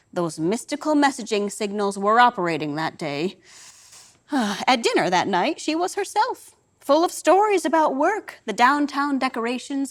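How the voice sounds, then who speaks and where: An older woman performing a wry, dramatic storytelling monologue on a theatre stage. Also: fairly high pitch.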